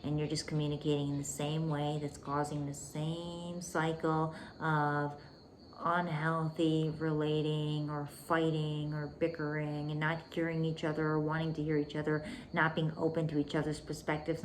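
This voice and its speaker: Low-voiced woman podcast host coaching intimately. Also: flat delivery, normal speed, a little hiss or hum. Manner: intimate, emphatic, calls listener "baby", drops to whispers. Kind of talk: relationship coaching monologue.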